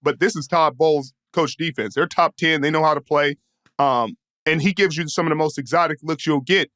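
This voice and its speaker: A man, a podcast guest, talking in a relaxed way with many restarts and fillers. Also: a little high, a little fast, no echo, clean studio sound. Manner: relaxed, hesitant, lots of "you know what I mean". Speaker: guest, former football player. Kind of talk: casual chat.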